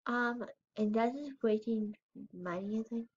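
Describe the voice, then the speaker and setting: Slow, rambling girl's game commentary. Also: fairly high pitch, slightly rough, dull audio. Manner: rambling and unsure, with frequent "I don't know" and squealing over cute items. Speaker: gamer showing her game house. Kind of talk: casual gameplay commentary.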